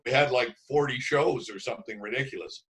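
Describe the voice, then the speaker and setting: A man in his sixties from Canada, a drummer guest telling stories in a relaxed interview, slipping into voices for the people he quotes. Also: mid-range voice, a little fast, poor audio. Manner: lively storyteller who acts out quoted voices. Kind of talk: casual interview storytelling.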